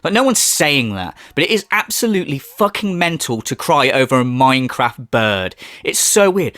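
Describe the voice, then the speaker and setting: Sarcastic male streamer, lively pitch. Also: moderate pace, few pauses, dry recording, clean studio sound. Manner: sarcastic, profane ranting. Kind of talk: livestream commentary.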